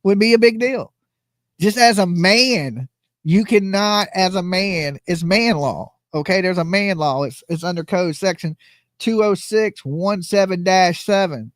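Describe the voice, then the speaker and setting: A man's voice: high voice, unhurried, dry recording, clean studio sound. A man hosting a casual livestream, joking, rambling and laughing often. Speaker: livestream host commenting on a trial.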